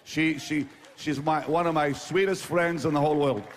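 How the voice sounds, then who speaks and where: High-voiced preacher in a reverberant hall. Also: male voice, steady tone, moderate pace, slight background noise. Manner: emphatic, dramatic, repetitive. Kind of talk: sermon storytelling.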